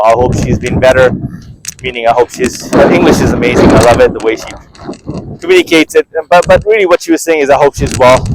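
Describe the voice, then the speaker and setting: There's background noise behind this mid-range male voice. A vlogger, he tells personal stories candidly to camera in a conversational way, repeating words and regularly checking in with a "right?"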